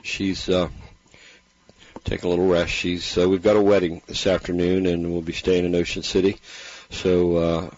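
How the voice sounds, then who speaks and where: A man's voice: sits low, little pitch movement, moderate pace, a little mellow, dry recording. A middle-aged man, hosting a radio show in a folksy, rambling way while congested from bronchitis. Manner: folksy, rambling, with many fillers. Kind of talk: casual radio talk. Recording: dull, muffled radio broadcast.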